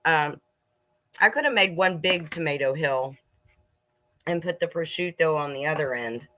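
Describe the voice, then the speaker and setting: A middle-aged woman hosting a casual homestead livestream, chatting warmly with viewers, laughing and snacking as she talks. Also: sits low, normal speed, a little hiss or hum. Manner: chatty, laughs and munches while talking to viewers.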